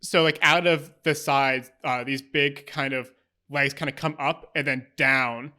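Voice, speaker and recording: A man's voice: mid-range voice, steady tone, unhurried, bright, forceful tone. A man narrating as game master of a tabletop game, describing scenes with many fillers.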